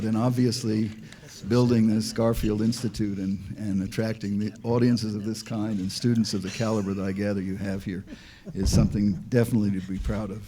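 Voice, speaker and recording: Older male ex-diplomat on a panel, warm mellow tone, wry storyteller who trips over his own words. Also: lowish voice, level tone, brisk. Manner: dry joking, tells anecdotes, frequent restarts. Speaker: panel speaker, former diplomat. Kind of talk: public talk at an institute.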